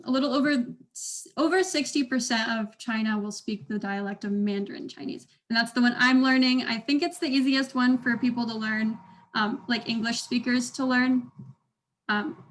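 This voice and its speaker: Young woman, slightly high voice, online language instructor, upbeat, encouraging, video call mic. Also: low-quality recording. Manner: upbeat, encouraging, demonstrates tones aloud.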